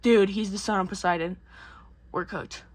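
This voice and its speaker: A woman's voice: medium pitch, normal speed, sharp tone, voice pushed down. A woman voicing a group of male soldiers who talk in lazy modern slang. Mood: dismayed. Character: scared, slangy male soldiers of a ship's crew.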